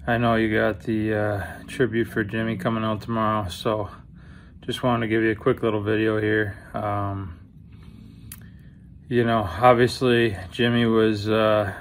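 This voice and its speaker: A man recording a subdued video tribute to a former teammate, halting with many fillers. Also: on the low side, little pitch movement, a little hiss or hum.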